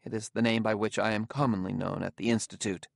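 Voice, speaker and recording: A man's voice: fairly low pitch, level tone, fast talker, gravelly, dry recording, studio quality. A man voicing a cool, imperious woman scientist who speaks in clipped, commanding tones in an audiobook. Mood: haughty.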